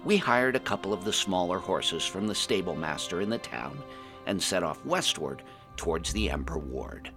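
Deep-voiced male fantasy storyteller. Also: big pitch swings, normal speed, music in the background. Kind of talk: first-person fantasy story narration.

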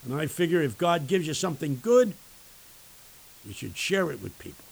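A man voicing a scruffy, generous homeless man who calls out loudly and eagerly. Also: on the high side, sing-song, moderate pace, vocal fry, heavily acted, rough recording.

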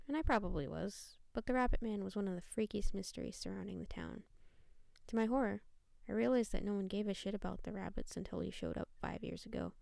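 Woman narrator with a heavy gravelly voice. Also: mid-range voice, darkish tone, dry recording. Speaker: storyteller. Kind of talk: first-person horror story narration.

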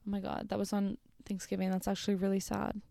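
Woman vlogger, mid-pitched, dry close sound; reads and reacts, blunt and sweary. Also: completely flat delivery, fast, vocal fry, mellow, dry recording. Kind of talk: casual reaction commentary reading messages aloud.

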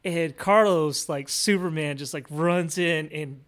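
A young man talks through a personal story as a podcast guest, rambling and self-deprecating, leaning on fillers. His voice sits a little high for a man. He sinks into a near hush when he retells the quiet moments. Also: a little slow. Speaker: guest, police officer recounting his recovery. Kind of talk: casual storytelling in conversation.

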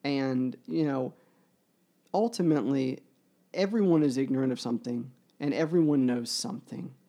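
Earnest guy discussing a book, soft dark tone, lots of you-knows and false starts. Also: mid-range voice. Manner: earnest, halting with many fillers; grows emotional while reading aloud.

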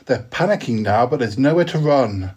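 A man's voice: medium pitch, animated, normal speed, a little mellow, slightly rough, dull audio. A podcast host reading his own rhyming poems aloud in a rhythmic, sing-song way, with hesitant fillers when chatting.

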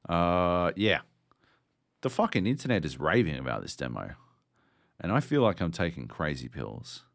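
A man's voice: sits low, sing-song, normal speed, gravelly, no echo, studio quality. A man co-hosting a podcast, ranting sardonically and swearing constantly in casual chat. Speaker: podcast co-host.

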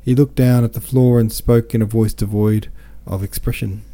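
Dark-toned male audiobook narrator. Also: lowish voice, fairly even intonation, moderate pace. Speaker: podcast host reading a classic novel.

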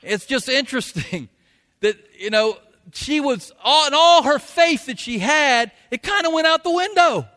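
A man delivers a folksy sermon in a high, bright voice. He now and then bursts into loud, acted quotes. His words echo through a large hall with a long reverb. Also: a little slow. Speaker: pastor.

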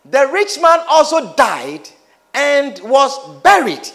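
A man's voice: very high voice, big pitch swings, slow, gravelly, sharp tone. A man preaching a sermon, calling out to his congregation with questions and playful teasing.

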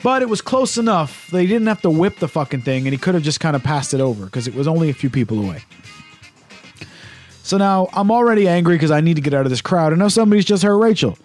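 Guy telling a wild story on a podcast, swears a lot, kinda high voice, faint music. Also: fast talker. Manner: profane, animated storytelling. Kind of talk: casual storytelling chat.

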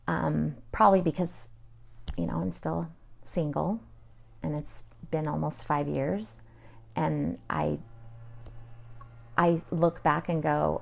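A woman's voice: deep voice, creaky, a little mellow. A woman in her forties from Utah, telling her personal story as an interview guest in a chatty way, acting out past conversations with many fillers.

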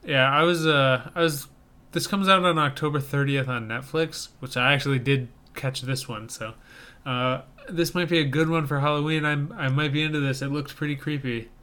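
Trailers are the topic as a young adult male co-host chats casually and eagerly on a podcast, rambling and restarting. At a moderate pace, his fairly high voice comes across bright, forceful, clear and resonant.

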